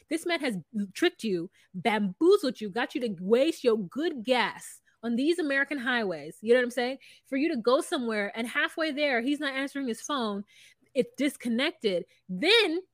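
High-voiced woman recapping with laughs. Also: moderate pace, no room sound, clean studio sound. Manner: animated, laughs often, acts out quotes in voices. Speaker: podcast co-host. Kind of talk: casual recap chat.

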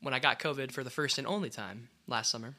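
A man's voice: mid-range voice, fast, sharp tone. A man co-hosting a casual podcast chat, rambling with lots of "like" fillers and frequent laughs. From United States. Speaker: podcast co-host.

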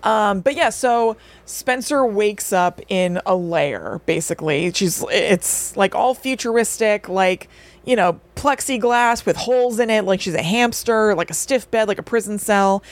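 A young woman co-hosts a relaxed podcast, walking her partner through a twisty plot in an eager, rambling way. Her voice sits at an ordinary middle pitch for a woman, neither high nor low. She talks casually and acts out snippets of dialogue as she goes. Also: measured pace. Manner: animated plot recap with acted-out quotes. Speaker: podcast co-host. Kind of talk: casual chat.

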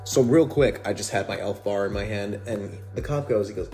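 A man's voice: lowish voice, brisk, darkish tone, faint music behind. A man telling a personal story in a casual, rambling, profane way, as podcast host.

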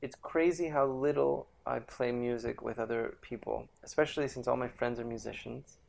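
Musician guy rambling through stories on a podcast, kinda gravelly, ordinary pitch. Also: fairly even intonation, normal speed, darkish tone. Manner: loose, rambling storytelling. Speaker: guest musician. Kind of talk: casual podcast chat.

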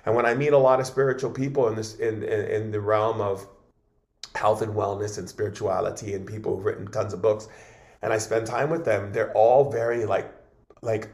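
Animated man telling stories as a guest. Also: lowish voice, moderate pace, roomy sound. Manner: animated, repeats and restarts words often. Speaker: guest shaman. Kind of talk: casual interview storytelling.

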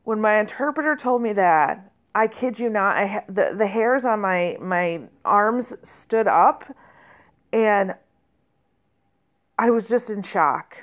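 A woman's voice: mid-range voice, takes it slowly. Woman telling a story, lo-fi sound. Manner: conversational, many fillers and restarts, animated quoting. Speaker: teacher trainer telling a story. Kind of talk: personal storytelling.

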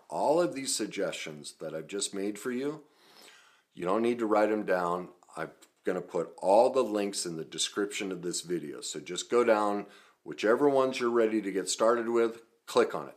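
A middle-aged man, a self-help coach, talking earnestly and emphatically in a video, sharing his own story. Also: lowish voice.

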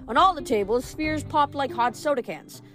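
A woman reading chapters of a novel aloud in steady storytelling narration. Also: sits high, moderate pace, faint music behind. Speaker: reader.

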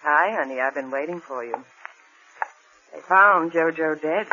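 A woman's voice: low voice, measured pace, sharp tone, husky, full character voice. An actress playing a coy, suspicious young gangster's girlfriend in a 1940s radio drama. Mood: probing. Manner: coy, probing. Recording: dull old radio recording.

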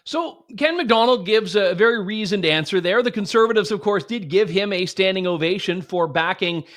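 A man's voice: high voice, normal speed, a bit bright. A Canadian man giving sarcastic, jokey political commentary. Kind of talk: opinion commentary.

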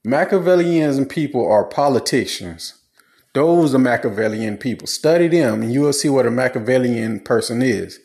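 A man's voice: medium pitch, animated, moderate pace, vocal fry, darkish tone. A man giving blunt, preachy relationship advice in a casual, slangy monologue.

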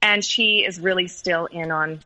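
Woman guest, personal storytelling; earnest, halting, bright tone. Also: on the low side, steady tone, low-quality recording. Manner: earnest and halting, many pauses and restarts. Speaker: podcast guest.

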